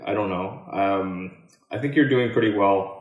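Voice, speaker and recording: A man's voice: lowish voice, a little slow, lo-fi sound. Laid-back encouraging man in an echoey room. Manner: casual and encouraging, swears freely, says "dude" often. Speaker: host. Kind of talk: casual live-stream chat.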